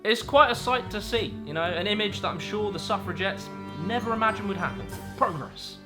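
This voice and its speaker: A man's voice: high-pitched, a little fast. A young man narrating a comic explainer in a wry, playful way. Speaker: YouTuber. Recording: light music underneath.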